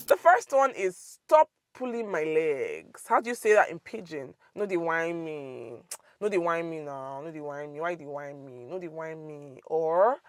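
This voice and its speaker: A woman's voice: lowish voice, dry recording. A young woman with a Nigerian accent hosts a casual language lesson, repeating phrases and laughing often. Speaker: language teacher, channel host.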